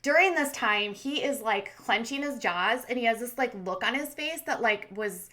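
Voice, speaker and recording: A woman's voice: on the high side, animated, normal speed, hardly any pauses, bright, forceful tone. A woman hosting a commentary channel, recapping a reality show in a chatty, sarcastic way with plenty of fillers.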